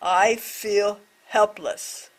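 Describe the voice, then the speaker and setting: A woman voicing a deaf presenter's signed reflection on a scripture story, speaking in short, measured phrases. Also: mid-range voice, fairly even intonation.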